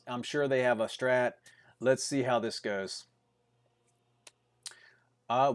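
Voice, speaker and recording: A young man casting an esports tournament on his own, talking in a steady chatty stream. He rambles through plays with fillers and little chuckles, now and then speeding up into quick bursts. His voice sits at an ordinary middle pitch. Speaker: tournament caster. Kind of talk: solo esports commentary.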